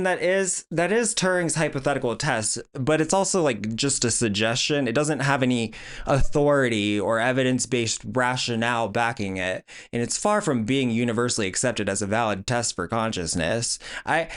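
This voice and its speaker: A man's voice: medium pitch, fairly bright tone. A man talking through a commentary video in a blunt, mocking tone. His voice sits in an ordinary middle range, and his dry sarcasm drives the delivery. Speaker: video essay host. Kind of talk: commentary vlog.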